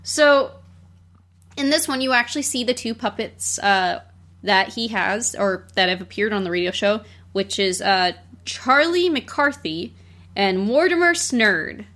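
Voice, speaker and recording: A woman's voice: medium pitch, fairly bright tone. Hesitant woman sharing looked-up facts. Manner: halting, explaining looked-up facts. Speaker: podcast co-host. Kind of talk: casual movie discussion.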